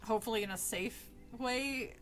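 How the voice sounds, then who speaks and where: A woman's voice: fairly high pitch, moderate pace. A woman who is a little drunk, chatting and swearing between passages as she reads a horror book aloud. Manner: chatty, swears, laughs often. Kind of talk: casual reading and commentary.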